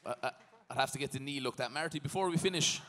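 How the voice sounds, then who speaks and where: A man's voice: mid-range voice, quick pace. A man hosting a live podcast interview, asking questions in a jokey, friendly way. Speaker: podcast host. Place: live stage before an audience. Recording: long reverb of a live venue with faint noise.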